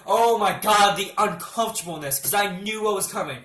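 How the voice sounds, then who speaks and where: A young man telling a storytime vlog anecdote, animated and joking, with swearing and stammers. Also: high-pitched, a little fast, echoey room. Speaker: vlogger.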